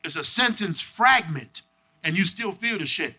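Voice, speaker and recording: A man doing a stand-up comedy set on a club stage, animated and profane, acting out people in his stories. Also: sits high, normal speed, slightly rough. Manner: animated, profane, acts out voices.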